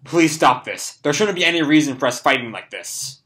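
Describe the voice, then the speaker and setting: A hoarse man reading the lines of a stern, cold veteran male ninja flatly, straight from a comic. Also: on the high side, fairly quick.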